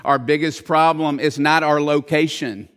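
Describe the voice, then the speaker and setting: A man's voice: on the high side, fairly even intonation, moderate pace, a bit bright, clear, resonant tone. A man preaching a sermon as pastor, earnest and emphatic, telling stories to drive points home.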